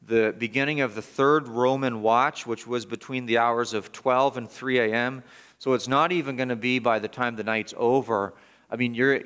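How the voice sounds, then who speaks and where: A middle-aged man preaching a sermon, his voice at an ordinary male pitch. He is emphatic, pressing his points hard, then falling to soft, low asides. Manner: emphatic, building to raised intensity and dropping soft. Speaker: pastor.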